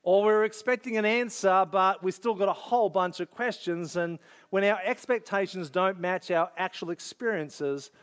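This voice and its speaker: Male preacher, middle-aged, high voice, chatty storyteller. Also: normal speed, clean tone. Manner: storytelling, acts out his own inner thoughts, conversational. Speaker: pastor. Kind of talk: sermon with personal story.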